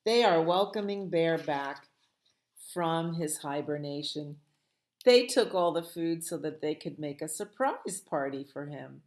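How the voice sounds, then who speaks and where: A woman librarian reading a picture book aloud at a children's storytime, playful and expressive with sound words. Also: sits low, measured pace.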